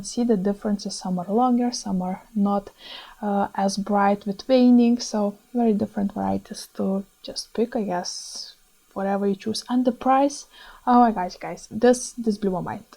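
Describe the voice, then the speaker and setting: A young woman with a Lithuanian accent, speaking English as a second language, narrates her plant finds in a chatty, gushing way. Her voice sits a little high but sounds mellow and soft. She stumbles over her grammar now and then and swings from dreamy to excitable. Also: poor audio. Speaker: plant vlogger. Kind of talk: voice-over commentary on plant shopping footage.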